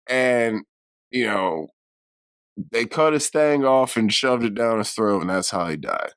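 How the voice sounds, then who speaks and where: A man's voice: medium pitch, lively intonation, unhurried, clear, resonant tone, no echo. Laid-back man rambling through a film plot. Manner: loose, laughing, acts out film characters' lines. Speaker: podcast co-host. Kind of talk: casual film review chat.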